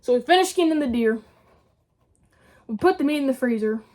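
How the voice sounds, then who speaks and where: A young woman telling a story in a casual, animated way, full of slang and swearing. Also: sits high, fairly quick. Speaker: vlogger.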